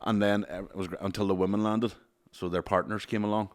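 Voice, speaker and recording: Fast-talking man, low voice. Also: level tone. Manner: rapid, swearing, laughs often. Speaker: podcast host. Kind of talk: casual chat.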